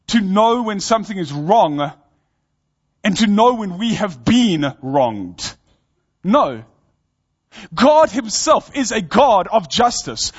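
A man's voice: sits high, highs cut off. A man in his thirties, a pastor giving an earnest, conversational sermon and telling a family story. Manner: earnest, conversational preaching with personal stories.

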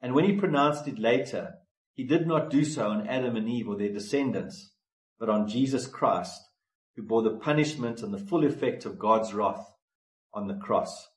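A man preaching a sermon in an earnest, pleading way, slowing down to stress key words. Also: medium pitch. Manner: earnest, pleading, slows for emphasis. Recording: echoey room.

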